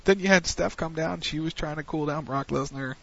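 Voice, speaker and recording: A wrestling podcast host with a fairly high voice and vocal fry talks briskly through a recap on internet radio. He's casual and rambling, leaning on fillers, over a muffled lo-fi stream.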